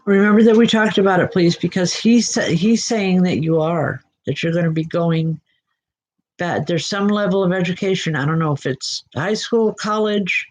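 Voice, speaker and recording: A woman working as a psychic medium, giving live spirit readings in a reassuring way, often breaking into soft laughter. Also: low-pitched, rough recording.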